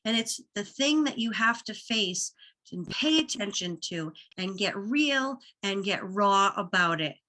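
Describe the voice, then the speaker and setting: A woman's voice: medium pitch, lively intonation, measured pace, sharp tone. A woman talking as a podcast guest, sharing a personal story in an earnest, emphatic way and repeating words as she builds her point. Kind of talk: personal story in casual conversation.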